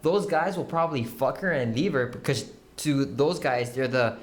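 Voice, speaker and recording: A man's voice: mid-range voice, normal speed. Rambling, profane young man telling stories. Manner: rambling, profane, animated storytelling. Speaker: podcast co-host. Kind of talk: casual chat.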